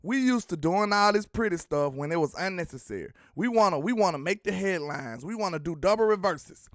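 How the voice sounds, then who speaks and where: High-voiced guy doing fan sports talk, teasing the chat, dry close mic. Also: fairly quick, no room sound. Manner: animated, slangy, teasing the chat. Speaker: sports show host. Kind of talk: casual fan commentary, reading viewer comments.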